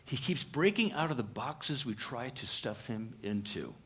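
A pastor delivering a conversational sermon in church, animated and full of "uh" fillers. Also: male voice, medium pitch, a little slow, breathy edge.

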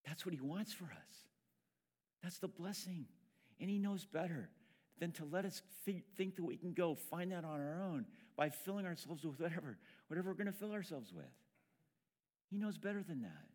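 A man's voice: fairly high pitch, animated, moderate pace, darkish tone, breathy edge. A man preaching a sermon as pastor, talking in a conversational way with frequent restarts.

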